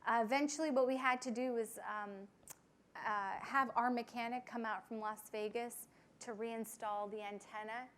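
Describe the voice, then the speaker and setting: A young woman pilot telling a flying story to an audience, with frequent fillers and lively quoted voices. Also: fairly high pitch, normal speed. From United States. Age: young adult. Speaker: pilot giving a talk.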